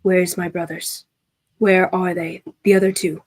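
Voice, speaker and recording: A woman voicing a brawny young man who asks sharp, insistent questions. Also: lowish voice, level tone, moderate pace, close to an everyday voice. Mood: demanding.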